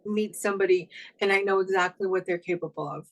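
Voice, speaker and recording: A woman's voice: medium pitch, steady tone, quick pace, low-quality recording. Rambling woman in casual chat. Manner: rambling, heavy on fillers.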